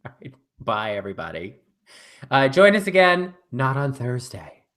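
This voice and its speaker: A man's voice: medium pitch, very animated, normal speed, fairly bright tone. A man co-hosting a casual live chat show, telling stories in a rambling way with lots of fillers. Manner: rambling storyteller with many fillers. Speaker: co-host.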